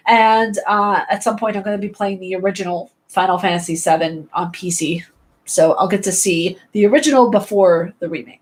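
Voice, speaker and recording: Giggly sarcastic woman streamer. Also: mid-range voice. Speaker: streamer chatting with viewers. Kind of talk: casual live-stream chat.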